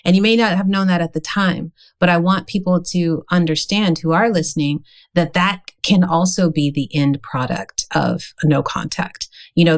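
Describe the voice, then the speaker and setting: A woman co-hosting a podcast, speaking in a reflective, encouraging way. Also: low voice. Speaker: podcast co-host. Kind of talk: casual podcast chat.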